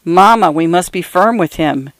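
A woman's voice: lowish voice, lively intonation, moderate pace, no echo, lightly acted. A woman reading aloud, voicing a grieving mother who murmurs pleas to her dead mother. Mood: pleading. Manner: murmured, pleading. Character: grieving mother in a trance, pleading.

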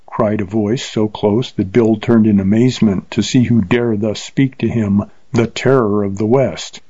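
A man narrating an old Western story in a steady, measured audiobook style. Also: lowish voice, husky, no echo. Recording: slightly dull lo-fi recording.

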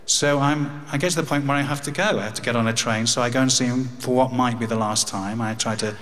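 An Englishman in his fifties tells a personal story mixing wry humour with grief. His voice is medium-pitched and fairly bright, and he talks fast. The recording carries a long hall reverb.

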